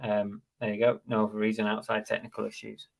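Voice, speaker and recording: A man's voice: on the low side, monotone, quick pace, gravelly. A man hosting a casual live-stream chat, making dry joking asides as he reads out comments and donations. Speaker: host of a live reselling chat.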